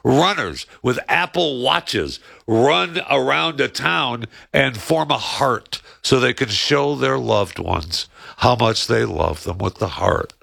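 A man's voice: medium pitch, animated, slow pace, creaky, hardly any pauses, bright, forceful tone, slightly rough, dry recording, studio quality. A man co-hosting a casual political chat, rambling and sarcastic, often trailing off mid-thought.

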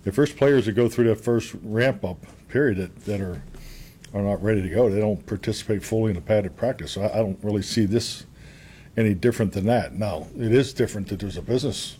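A man's voice: on the low side, warm tone, a little hiss or hum. A man speaking as a head football coach at a press conference, stopping and restarting his sentences often. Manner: halting, repeats words as he restarts.

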